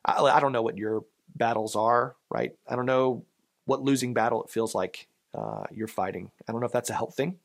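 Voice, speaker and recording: A mid-pitched male pastor preaches on Easter morning in an earnest, conversational way. He slows and swells when he reads lines of verse aloud, then drops back to casual asides. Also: fairly even intonation, creaky. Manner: earnest preaching, reading poetry slowly with swells of emphasis. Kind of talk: Easter sermon.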